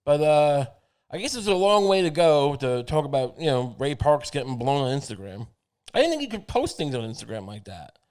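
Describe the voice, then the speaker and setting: Man, podcast host, comedic monologue, meandering, crude, somewhat high voice. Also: sing-song, fairly quick, darkish tone, clean tone. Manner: rambling, meandering, profane, many fillers.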